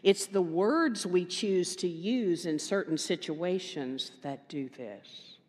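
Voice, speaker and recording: A woman minister giving a conversational sermon, telling a story with animated quoted voices and emphatic repetition. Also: lowish voice, takes it slowly. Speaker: guest minister. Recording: reverberant hall.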